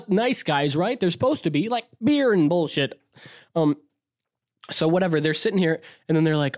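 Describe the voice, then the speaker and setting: Excitable young man from Wisconsin. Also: on the high side, brisk. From Wisconsin, US Midwest. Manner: excitable, profane, rambling with restarts. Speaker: host. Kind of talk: casual storytelling monologue.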